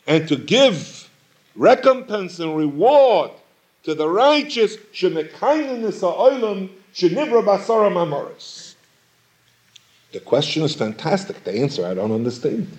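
Male Torah teacher, lively emphatic delivery, slightly higher voice, questioning tone. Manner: questioning, emphatic, repeats phrases for stress. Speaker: rabbi teaching Talmud. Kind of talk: Torah lecture.

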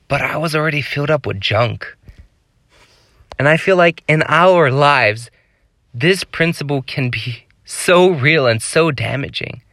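A man's voice: medium pitch, bright, forceful tone, no room sound, studio quality. A man preaching a devotional sermon, pleading with his listeners in an earnest, exhorting way.

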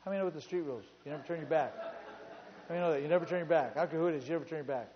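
A male pastor preaching a sermon in a church, telling stories in an animated way and repeating phrases for emphasis. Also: fairly high pitch, racing, background noise. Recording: reverberant hall, dull sound.

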